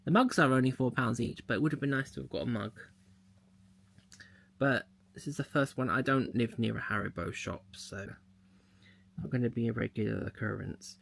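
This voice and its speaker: A man's voice: mid-range voice, normal speed, vocal fry, fairly bright tone. A man chatting casually as he unboxes a mystery box, thinking aloud as he handles the packaging. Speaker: unboxing vlogger.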